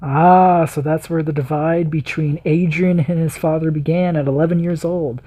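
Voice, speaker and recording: A man's voice: on the high side, fairly even intonation, normal speed, mellow, a little hiss or hum. A man hosting a reaction video, giving enthusiastic, rambling commentary full of fillers.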